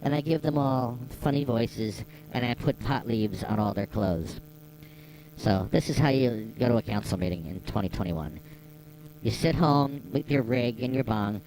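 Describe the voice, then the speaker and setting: A man at home playing a goofy jokester through a voice-changer pitch shift, in playful, self-amused live-stream banter. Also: darkish tone, a little hiss or hum, poor audio. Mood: joking.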